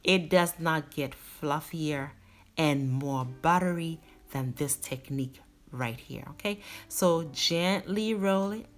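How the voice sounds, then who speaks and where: Low-voiced woman cooking host. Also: slow pace. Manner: warm instructive, emphatic on key words. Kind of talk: step-by-step cooking demonstration.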